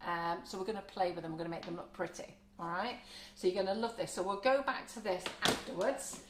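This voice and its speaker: A woman's voice: medium pitch, steady tone, quick pace, echoey room, background noise. A woman hosting a live cake decorating demo, chatty and frank, laughing often. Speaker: baking show host. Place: home kitchen studio.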